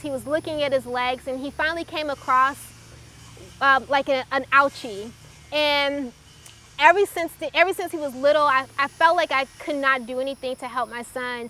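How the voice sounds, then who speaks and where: A woman with a high, bright voice shares her personal faith testimony. She speaks earnestly and reflectively, with frequent halting pauses. Her tone carries a clear, sharp edge.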